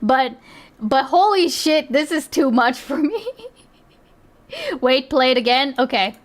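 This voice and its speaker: A woman streamer talks casually as she reacts to clips. Her voice sits high. She rambles as she thinks aloud, with lots of fillers and easy giggles. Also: animated, takes it slowly. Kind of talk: casual live-stream commentary.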